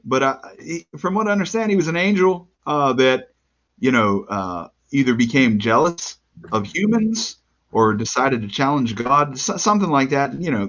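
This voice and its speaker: A man talking on a podcast in a halting way, leaning on fillers and false starts. His pitch moves around a lot. The recording sounds dull and lo-fi. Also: a bit bright. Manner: hesitant, filler-heavy. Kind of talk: casual podcast chat.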